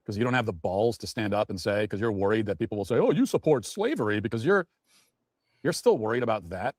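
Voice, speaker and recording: A man's voice: on the low side, fast talker, no room sound, studio quality. A man giving heated, mocking political commentary. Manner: indignant, mocking, ranting.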